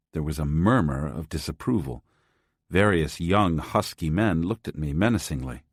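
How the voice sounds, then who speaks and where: Male audiobook narrator, very deep voice, measured first-person storytelling, dry close sound. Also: animated, no room sound.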